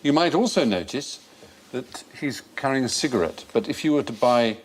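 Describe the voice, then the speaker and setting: Wry British quiz show host. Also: male voice, mid-range voice, lively intonation, normal speed. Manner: wry, explanatory, teasing. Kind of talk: panel show quizmastering.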